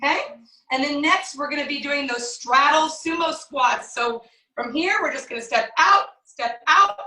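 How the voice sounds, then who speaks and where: Woman, fitness coach, energetic, calls out moves, high voice, echoey distant room sound. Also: moderate pace. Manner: energetic, counts and cues moves. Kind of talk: guided workout instructions.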